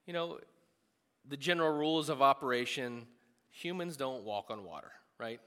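A man preaching a sermon in a conversational, animated way, with quick asides. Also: medium pitch. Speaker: pastor. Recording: long hall reverb.

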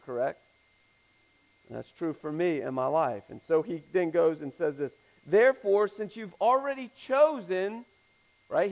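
A man's voice: a little high, low-quality recording. A man pastor delivering a sermon, earnest, asking rhetorical questions and restarting words as he goes.

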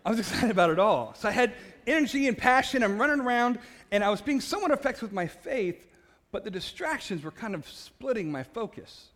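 High-voiced animated man telling his story. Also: brisk. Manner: animated storyteller, laughs at himself, stumbling repeats; passionate and loud by his own account. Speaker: speaker sharing his faith testimony. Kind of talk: personal testimony talk.

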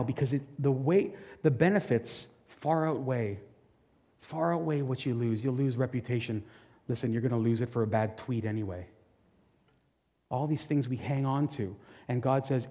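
Man, pastor, sermon; warm, relaxed voice, earnest and chatty, long hall echo. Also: medium pitch, normal speed. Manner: earnest, conversational preaching with frequent restarts.

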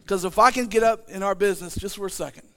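A man preaching a sermon, animated and emphatic, full of repeated rhetorical questions and rising to shouts. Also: sits high, fast talker. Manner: animated, acting out the disciples' voices, rising to shouts.

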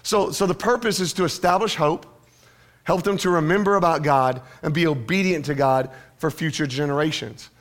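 A man's voice: fairly high pitch, moderate pace. A male pastor preaching a sermon in a church, with a conversational manner and joking asides to the congregation.

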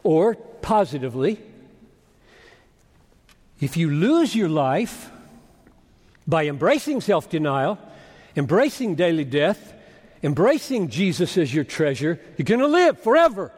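Male pastor, high and animated voice, emphatic argumentative preaching. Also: slow, long pauses, husky. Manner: argumentative, emphatic, swings from loud urging to hushed. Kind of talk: expository sermon. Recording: long reverb of a large hall.

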